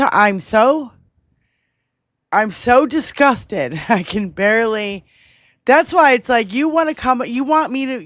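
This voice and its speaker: A woman's voice: fairly high pitch, no room sound, studio quality. A woman co-host ranting in a heated casual chat, furious and swearing heavily. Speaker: podcast co-host.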